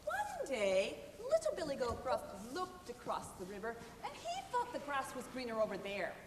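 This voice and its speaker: A woman's voice: sits high, wildly swooping pitch, moderate pace. A woman leading a live stage story, playfully coaxing the audience to join in. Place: large theater hall. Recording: echoey hall, distant mic, audience noise.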